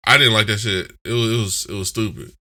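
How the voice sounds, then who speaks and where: A man co-hosting a podcast in casual chat, profane and animated, with stammering restarts and acted-out voices. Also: lowish voice, fast, a crowd in the background. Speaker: podcast co-host.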